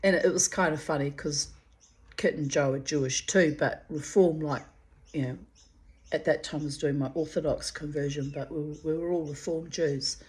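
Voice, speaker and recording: A middle-aged woman reads her own memoir aloud in a fairly low voice. She lingers fondly over memories, breaking off into chatty asides. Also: steady tone, normal speed, darkish tone. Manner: fond, reminiscent, digressive asides and laughter. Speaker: memoir reader.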